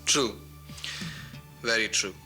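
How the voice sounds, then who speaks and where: Cocky flirtatious Indian film star. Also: male voice, lowish voice, slow pace, sharp tone, soft background music, exaggerated voice. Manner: breezy, mixes Hindi into English, chuckles. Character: cocky male film actor, flirtatious and boastful. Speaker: actor. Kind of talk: 1990s TV drama acting.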